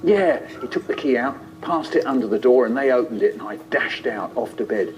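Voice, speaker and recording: A man telling a childhood story in a playful, expressive way. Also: mid-range voice, fairly quick, soft background music. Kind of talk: animated storytelling. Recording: lo-fi, muffled.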